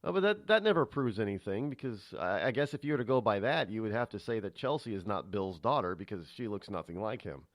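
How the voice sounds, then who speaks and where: A man's voice: fairly low pitch, expressive, fast talker, few pauses, no echo, studio quality. A man hosting a call-in radio talk show, rambling and self-promoting as he digresses.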